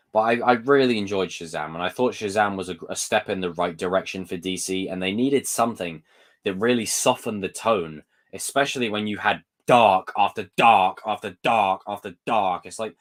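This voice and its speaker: A young man hosting a live stream, chatting casually about movies in a rambling way and acting out scenes in exaggerated voices. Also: low-pitched.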